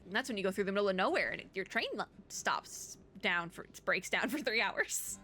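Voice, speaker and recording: A young adult woman giving chatty, animated commentary while reading a game's story aloud. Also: medium pitch, faint music behind. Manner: animated, chatty, quick to react. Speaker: gaming content creator. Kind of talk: game playthrough commentary and reading.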